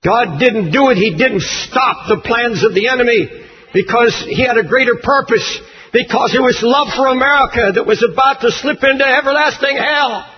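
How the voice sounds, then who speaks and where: A man preaching a sermon, impassioned and shouting at its peaks, reading scripture aloud. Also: extremely high pitch, moderate pace, muffled recording. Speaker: pastor.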